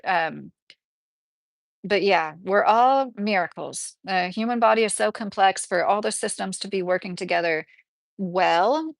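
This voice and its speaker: A woman's voice: mid-range voice, gravelly, no room sound. A woman with a Kentucky accent hosting a livestream, chatting in a rambling way with lots of fillers. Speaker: livestream host. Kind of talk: casual livestream chat.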